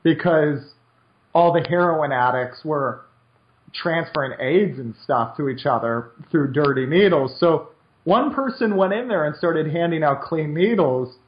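A man co-hosting a podcast in casual chat, opinionated and rambling with frequent restarts. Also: high voice. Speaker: podcast co-host. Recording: echoey lo-fi recording.

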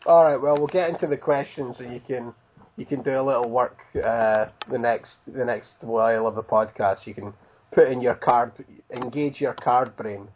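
Scottish man, mid pitch, podcast host, dull lo-fi audio, faint background hum. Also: normal speed. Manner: brief, dry interjections. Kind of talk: casual podcast chat, reading listener questions.

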